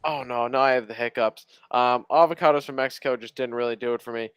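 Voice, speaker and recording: A man's voice: medium pitch, fairly even intonation, fast, fairly bright tone, clean tone, dry recording, muffled recording. A young man co-hosting a sports podcast, blunt and opinionated in casual chat. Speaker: podcast co-host.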